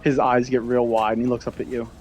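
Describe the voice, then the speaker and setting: A man running an online tabletop game as game master, narrating in a halting way with lots of fillers and laughs. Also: mid-range voice, little pitch movement, a little mellow, slight background noise.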